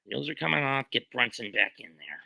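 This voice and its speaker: A man co-hosting a casual basketball watch-along who talks in lively, wordy asides. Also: mid-range voice, brisk, gravelly, no echo, poor audio. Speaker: co-host. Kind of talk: casual sports chat.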